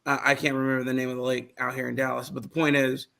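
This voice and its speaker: A man's voice: medium pitch, monotone, fast, gravelly, pushed and bright. A man on a casual panel chat, telling a rambling story and losing track of names.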